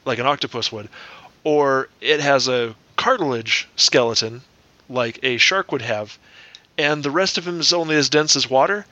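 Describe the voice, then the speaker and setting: Bright-voiced man thinking out loud. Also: mid-range voice, moderate pace, no echo, highs cut off. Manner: works through numbers aloud, double-checking himself. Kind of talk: casual podcast chat.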